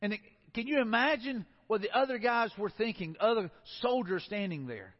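A man preaching a sermon as pastor to his congregation, earnest, sometimes dropping low and soft for emphasis. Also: lively intonation, moderate pace. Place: church sanctuary. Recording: dull sound with long hall reverb.

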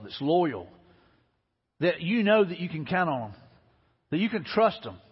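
In a church sanctuary, a middle-aged pastor with a high, breathy voice preaches a sermon in a folksy, conversational way. The audio is dull and lo-fi, echoing through a reverberant hall.

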